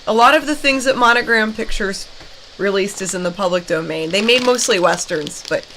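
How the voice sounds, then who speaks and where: A woman's voice: mid-range voice, moderate pace, bright, forceful tone. A woman co-hosting a horror movie show, chatting casually while snacking and reading movie trivia. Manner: chatty, reads movie trivia, laughs often. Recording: faint background noise.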